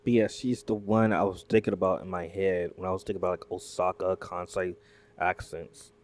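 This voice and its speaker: Deep-voiced man rambling. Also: little pitch movement, a little fast, darkish tone. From Southern United States. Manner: rambling, many "like"s and restarts, asks viewers questions. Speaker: reaction video host. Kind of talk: casual commentary, reacting to a video.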